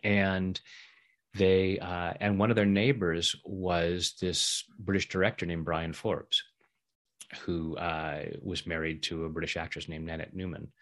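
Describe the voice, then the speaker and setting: A middle-aged man telling a personal story in a casual interview, lively when he acts out what others said and laughing often. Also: deep voice, unhurried. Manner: animated when acting out quoted voices, laughs often. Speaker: interview guest, EFT practitioner.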